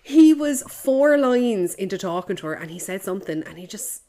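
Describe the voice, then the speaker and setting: A woman hosting a podcast in casual movie chat, lively and sweary, often laughing. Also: mid-range voice, moderate pace. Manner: lively, sweary, laughs at her own jokes. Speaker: podcast host.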